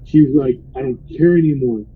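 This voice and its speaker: Speaking a little fast at medium pitch, a rideshare driver tells a wild tale from his car in a casual, animated way, quoting his passengers and repeating "bro" nonstop. His voice is slightly rough, and the audio is narrow and tinny.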